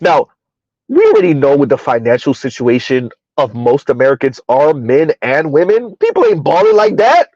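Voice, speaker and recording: A man's voice: on the high side, sing-song, normal speed, a little mellow, no room sound. Man ranting in opinionated commentary. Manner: rambling, rhetorical, keeps asking "huh?". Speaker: commentary vlogger. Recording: dull lo-fi dry sound.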